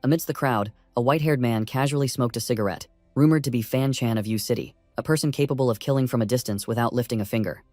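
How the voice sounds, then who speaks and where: A man narrating a comic story recap in an even, steady reading. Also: medium pitch, quick pace, few pauses, no echo, soft background music.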